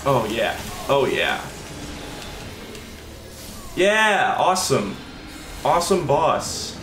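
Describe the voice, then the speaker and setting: A sarcastic man streams a game and vents, swearing and shouting at a hard boss. His voice sits mid-range and bounces in a roomy space. Faint music plays under him. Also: mid-range voice, a little slow. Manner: frustrated, sarcastic and profane, yelling at the game. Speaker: gaming streamer. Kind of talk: live gameplay commentary.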